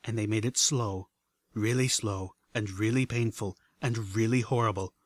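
A man voicing a quiet, insistent unicorn mare. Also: fairly low pitch, steady tone, normal speed, no echo, lightly acted. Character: determined, troubled young female unicorn pony.

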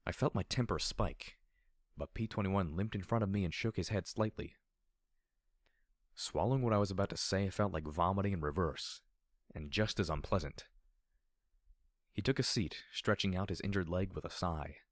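Low-voiced guy reading a story aloud in first person, steady and low-key, very dry mic. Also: moderate pace, dry recording. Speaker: audiobook narrator.

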